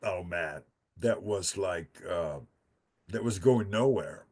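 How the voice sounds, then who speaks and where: A man's voice: sits low, takes it slowly, a little mellow. A man, a podcast guest telling a profane, rambling story with laughs and restarts. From Netherlands. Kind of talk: casual storytelling.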